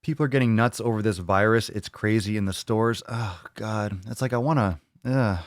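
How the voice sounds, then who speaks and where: A man hosting a casual livestream podcast, joking and swearing loudly with hype-style bravado. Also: lowish voice, brisk, dry recording, studio quality. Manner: brash, joking, profane hype talk. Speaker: podcast host.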